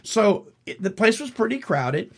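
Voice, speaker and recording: A middle-aged man hosting a radio talk show, telling a story in an animated, indignant way and chuckling often. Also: sits high, measured pace, vocal fry, breathy edge. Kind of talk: casual storytelling chat.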